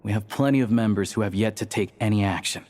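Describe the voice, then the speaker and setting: An actor playing a calm, discreet young man of a secret society in a video game, explaining things in a measured way. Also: lowish voice, slight background noise, natural voice.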